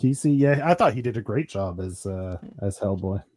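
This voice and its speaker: A co-host in casual chat with brief, low-key remarks. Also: animated, normal speed, a little mellow. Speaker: podcast co-host.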